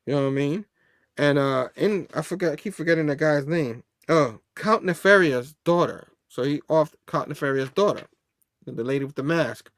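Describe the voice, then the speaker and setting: A man's voice: a little high, normal speed, no room sound, studio quality. Chatty laughing man recapping comics. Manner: loose and chatty, laughs often, reads comic dialogue aloud. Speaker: comic book review host. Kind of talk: casual rambling comic recap.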